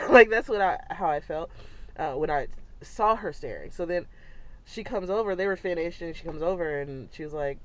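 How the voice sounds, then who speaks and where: A young woman, a mother, telling a family story in a chatty, animated way, with many fillers and frequent laughs. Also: fairly low pitch, normal speed. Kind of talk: casual storytelling vlog. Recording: dull lo-fi sound.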